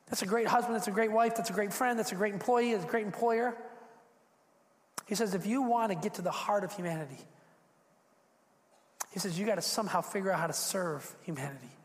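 A man preaching a sermon as pastor, animated, acting out quotes and repeating words as he builds. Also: very high voice, a little fast, pauses often. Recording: echoey hall.

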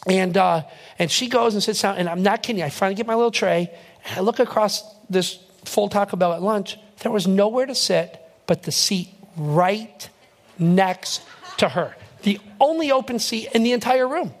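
A man's voice: high voice, fairly quick. A young male pastor telling a personal story in a sermon, acting out his own reactions and building to emphatic preaching. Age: young adult.

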